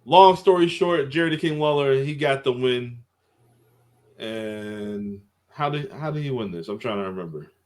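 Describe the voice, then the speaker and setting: A man's voice: mid-range voice, lively intonation, moderate pace, a little mellow. A man hosting a podcast, loosely recapping a wrestling show with a chuckle here and there. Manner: rambling play-by-play recap, chuckling. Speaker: podcast host. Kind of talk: casual podcast chat.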